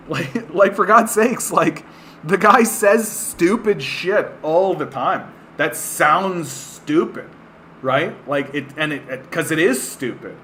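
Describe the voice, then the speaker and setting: A man from Canada rants scornfully in political commentary. He stumbles and repeats himself, and his voice is bright and somewhat high. There is a faint hiss of noise behind him. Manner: scornful, repetitive, filler-heavy. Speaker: livestream host.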